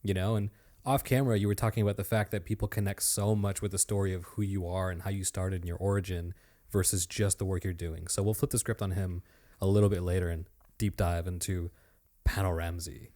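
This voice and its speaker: A man's voice: sits low, flat delivery, fairly quick, warm tone. A man appearing as a podcast guest, talking in an enthusiastic, chatty and complimentary way. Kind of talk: casual podcast conversation.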